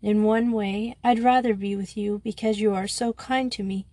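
A woman's voice: mid-range voice, steady tone, moderate pace, warm tone, dry recording, lightly acted. A woman voicing a frightened, tearful schoolgirl pleading between sobs. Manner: sobbing, pleading.

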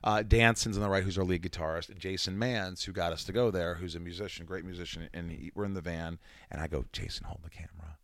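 A man in his forties, a comedian and musician, chatting casually as a guest and telling rambling, animated stories with some profanity. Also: deep voice, quick pace, no echo. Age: 40s. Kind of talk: casual interview chat.

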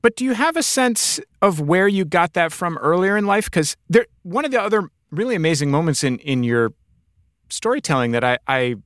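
A man's voice: sits high, sing-song, normal speed, fairly bright tone, no echo, clean studio sound. A man hosting an interview, asking thoughtful questions and retelling his guest's stories. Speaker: interviewer host. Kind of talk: casual interview.

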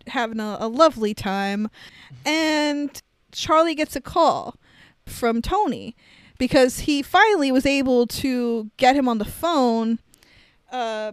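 A young woman casually recapping a film on a podcast, animated and full of "like" fillers. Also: a little high, clear, resonant tone, no echo. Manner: chatty, animated storytelling with many "like" fillers and laughs. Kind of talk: casual chat.

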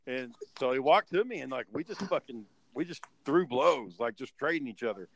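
This storyteller guest has a medium-pitched voice with vocal fry and a moderate pace. In a casual chat he spins a rowdy, profane story, animatedly acting out people's lines.

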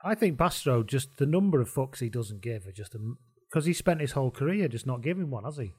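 A man's voice: medium pitch, expressive, quick pace, a little mellow, slightly rough. A man co-hosting a podcast, chatty and rambling with jokes. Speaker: podcast co-host. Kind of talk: casual chat.

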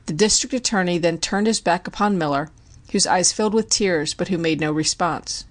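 Woman narrator with a slightly low voice, measured audiobook reading. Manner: measured, even storytelling. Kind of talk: scripted narration.

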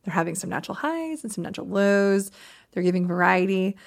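A woman co-hosting a podcast as a confidence coach, explaining skills in an animated way and acting out quick examples. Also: medium pitch, gravelly. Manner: animated, demonstrates voice examples, laughs often.

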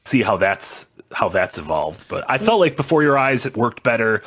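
A man's voice: medium pitch, big pitch swings, normal speed, a bit bright, breathy edge. A man co-hosting a podcast, chatting casually, hesitant, with many restarts and much agreeing. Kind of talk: casual chat.

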